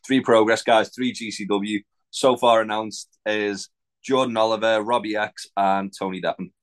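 A man's voice: on the low side, steady tone, moderate pace. A man co-hosting a podcast, laid-back and casual, swearing and laughing now and then. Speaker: podcast co-host. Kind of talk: casual wrestling podcast chat.

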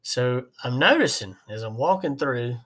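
Guy rambling thru a job story, folksy, lots of uh's, mid-pitched voice. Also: lively intonation, moderate pace, a bit bright. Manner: rambling, folksy, with many fillers. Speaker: podcast host, HVAC technician. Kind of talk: casual storytelling.

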